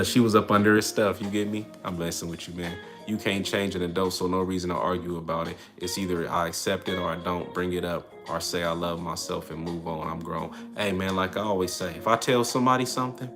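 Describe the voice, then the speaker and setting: A man's voice: deep voice, brisk, faint music behind. A man hosting a livestream, giving blunt relationship advice in casual chat while answering viewers. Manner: blunt, streetwise, animated preaching to chat. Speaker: livestream host.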